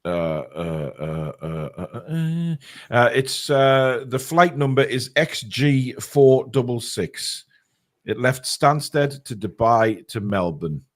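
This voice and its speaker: A man hosting a casual podcast, reading out comments in a blunt, halting, sometimes sweary way. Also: mid-range voice, animated. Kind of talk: casual chat.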